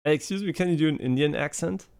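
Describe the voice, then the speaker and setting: A man's voice: a little high, fast talker, gravelly, a little mellow, smooth. A man streaming a game, chatting casually with a voice assistant in a pushy, joking way. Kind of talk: casual gaming stream chat.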